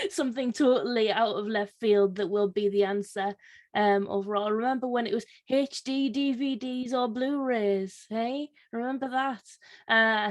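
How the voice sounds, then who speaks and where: A woman talks through a political panel discussion. She hesitates often, filling gaps with ums and restarting her sentences, and her voice sits at a middling pitch for a woman. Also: a little mellow. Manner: hesitant, many fillers and restarts, laughs easily. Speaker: panel guest, Labour councillor.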